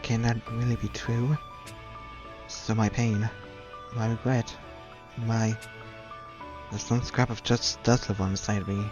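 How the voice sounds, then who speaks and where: A man's voice: a little high, flat delivery, brisk, muffled recording, music in the background, natural voice. A man voicing a remorseful young female knight, speaking in a broken, apologetic, shaky way. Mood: hushed.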